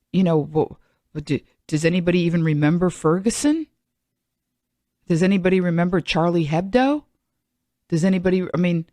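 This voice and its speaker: A woman's voice: fairly low pitch, darkish tone, no echo, studio quality. A middle-aged woman hosting a podcast, talking in a chatty, rambling monologue full of self-mocking asides. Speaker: podcast host. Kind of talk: solo comedic monologue.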